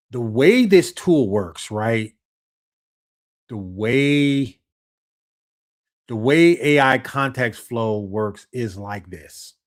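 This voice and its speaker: A man hosting a casual live stream, chatty and repetitive, often checking whether viewers are following. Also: medium pitch. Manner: chatty, repeats himself and keeps checking in with the audience.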